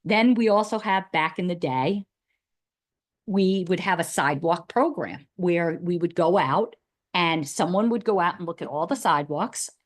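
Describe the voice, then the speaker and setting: A woman's voice: lowish voice, moderate pace. Woman, committee member at a town meeting; discursive, talks through the issue with many restarts. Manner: thinking aloud, rambling with restarts and "like". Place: meeting room.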